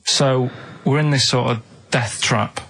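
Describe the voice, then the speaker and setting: Deadpan rambling man. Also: mid-range voice, measured pace, gravelly. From England. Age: 30s. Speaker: radio show regular. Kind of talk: casual radio chat. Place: radio studio.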